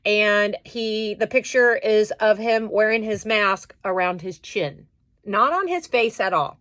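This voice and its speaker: A woman's voice: fairly high pitch, normal speed, dry recording, clean studio sound. A woman talking straight to camera in a casual vlog, angrily venting as she retells a fight at work. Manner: indignant, venting, animated retelling. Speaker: vlogger.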